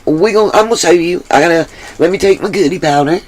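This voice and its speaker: A woman's voice: fairly low pitch, fast talker, darkish tone. A woman hosting her own livestream, talking bluntly and emphatically and swearing freely. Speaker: livestream host. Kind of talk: livestream commentary.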